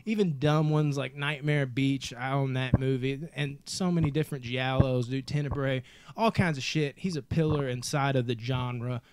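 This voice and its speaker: A man from Kentucky hosting a casual movie podcast, excitable and profane, calling everyone dude. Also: mid-range voice, normal speed, slight background noise. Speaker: podcast host.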